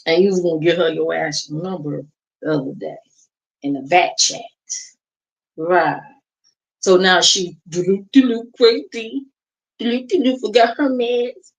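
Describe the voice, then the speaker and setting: A woman with a fairly low, creaky voice hosts a casual reaction livestream, chatting in a sassy drawl as she gossips and mocks. The audio quality is poor.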